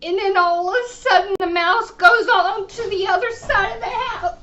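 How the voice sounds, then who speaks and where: A woman's voice: very high-pitched, normal speed, bright, forceful tone, lo-fi sound. A woman playing a timid, rambling elderly lady caller who stammers and halts as she talks. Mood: tearful rambling.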